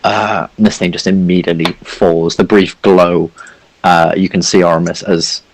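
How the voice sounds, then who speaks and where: A man's voice: deep voice, little pitch movement, moderate pace, vocal fry, poor audio. A man narrating a tabletop game as game master, rambling with lots of fillers.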